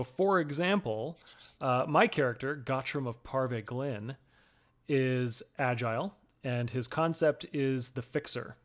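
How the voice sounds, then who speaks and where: Male co-host, mid-pitched, patient rules-explainer tone. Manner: explanatory, walks through rules with examples. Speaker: co-host and player. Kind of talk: casual chat explaining game rules.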